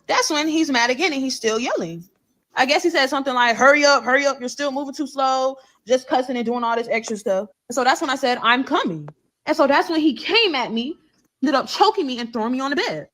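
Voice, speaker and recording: Young woman with a high voice, earnest story-time vlog, repeats herself. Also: animated, fast, a bit bright, poor audio. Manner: earnest, repetitive retelling. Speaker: storyteller in a played clip.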